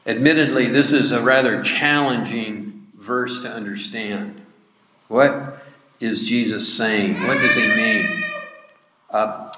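A man preaching a sermon, slowly retelling a scripture passage. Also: medium pitch, background noise. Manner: slow, measured retelling of scripture with quoted speech. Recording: echoey hall with long reverb.

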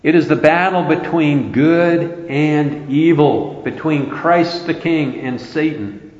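Slow, earnest preacher in an echoey hall. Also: male voice, a little high, darkish tone. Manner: earnest, emphatic preaching with scripture quotes. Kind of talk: sermon. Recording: roomy, dull lo-fi hall recording.

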